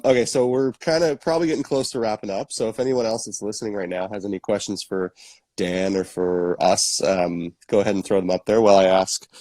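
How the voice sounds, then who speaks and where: Male podcast host, low voice, easygoing interviewer, dry close mic. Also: darkish tone, no echo. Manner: easygoing, laughs along. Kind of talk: casual interview.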